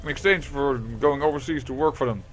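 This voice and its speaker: A man's voice: mid-range voice, a little fast, a bit bright, soft background music, lightly acted. A man voicing a brash, defiant Irish ex-smuggler woman, putting on an Irish accent while reading game dialogue aloud. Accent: Irish, put on. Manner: slangy, blunt, swaggering.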